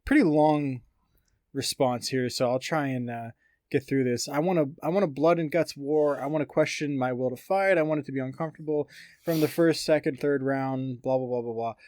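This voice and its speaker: A man's voice: mid-range voice, normal speed, darkish tone, no echo, studio quality. A man co-hosting a casual podcast, rambling through fight news with lots of fillers and reading quotes aloud. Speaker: podcast co-host.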